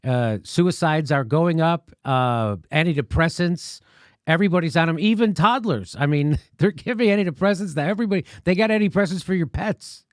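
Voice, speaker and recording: Male host, casual storyteller, curses a lot, slightly higher voice, dry studio mic. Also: a little fast, no echo. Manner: rambling storyteller, swears freely. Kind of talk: casual interview chat.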